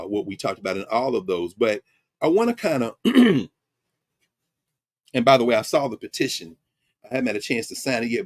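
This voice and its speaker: A middle-aged man giving an informal, conversational lecture as the host of an online class. He is emphatic and animated, with frequent asides. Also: on the low side, no echo, clean studio sound. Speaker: professor hosting an online class.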